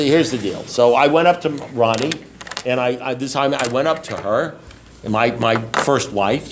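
Middle-aged man, streetwise and self-mocking, talking off the cuff at a meeting, mid-range voice, faint hiss behind. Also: mid-range voice. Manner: rambling, repeats phrases, keeps asking "you know what I mean?". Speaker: speaker at a recovery meeting. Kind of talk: casual talk to a meeting.

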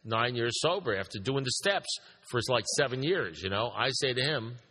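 Husky-voiced man in an echoey hall. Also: medium pitch, lively intonation, moderate pace, sharp tone. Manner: emphatic, repeats points, asks the room questions. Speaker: recovery meeting speaker. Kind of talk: storytelling talk to a group.

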